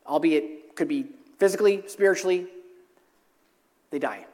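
A man's voice: a little high, normal speed, a little mellow. A male pastor preaching a sermon, earnest, repeating key phrases for emphasis, in a church sanctuary. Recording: long hall reverb.

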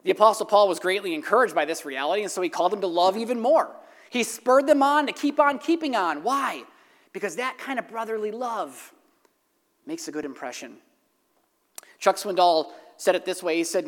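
A pastor delivers a sermon with emphatic, animated storytelling and repeats key phrases. The voice is recorded in a church sanctuary, and a long reverb of the large hall trails behind every sentence. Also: medium pitch, normal speed.

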